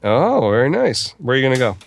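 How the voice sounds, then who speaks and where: A man's voice: mid-range voice, big pitch swings, fast talker, creaky. A man co-hosting a podcast, chatting casually with wry remarks and frequent laughter. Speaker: podcast co-host. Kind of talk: casual chat.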